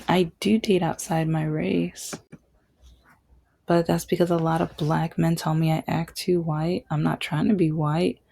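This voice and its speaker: Gravelly dark-voiced woman telling a story. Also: on the low side. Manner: candid, emphatic, acts out quoted dialogue. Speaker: vlogger. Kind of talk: personal storytelling.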